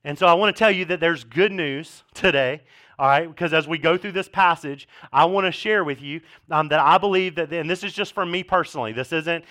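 A man's voice: a little high, brisk, bright, forceful tone. A man in his thirties preaching a casual sermon as pastor, telling jokey stories with sarcastic asides.

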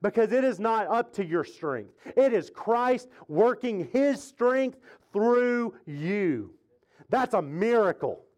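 A male pastor delivering a conversational sermon, driving points home through repetition and building to fervent exhortation. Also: sits high. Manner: conversational preaching, emphatic repetition, rising to exhortation.

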